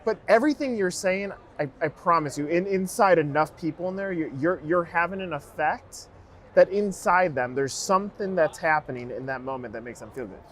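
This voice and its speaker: A man's voice: a little high, brisk, slight background noise. A man hosting a podcast, talking to his guest in an earnest, encouraging way. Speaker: podcast host. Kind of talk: casual interview chat.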